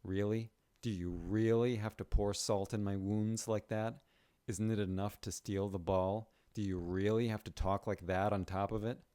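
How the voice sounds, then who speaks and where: A man's voice: on the low side, steady tone, normal speed, mellow, no echo, natural voice. A man voicing a competitive young woman soccer player who answers back in an exasperated, sarcastic way.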